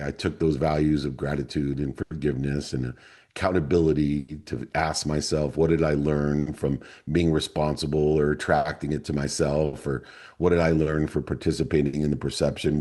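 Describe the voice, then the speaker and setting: Middle-aged male mastermind leader, husky and mellow, earnest motivational storyteller. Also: a bass voice, fairly even intonation. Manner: earnest and deliberate, lingering on key words.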